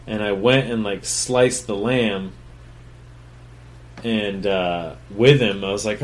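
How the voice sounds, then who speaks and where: Man, chef-host, mid-pitched, swears freely, brags, rambles with restarts. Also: takes it slowly, a little mellow. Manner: profane, blunt and boastful; rambling with many fillers and restarts. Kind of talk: casual solo storytelling.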